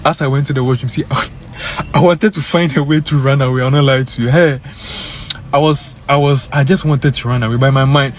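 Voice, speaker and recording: A young man casually telling his viewers a story, animated and peppered with "guys" and "bro.". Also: medium pitch, moderate pace, a little hiss or hum. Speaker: vlogger.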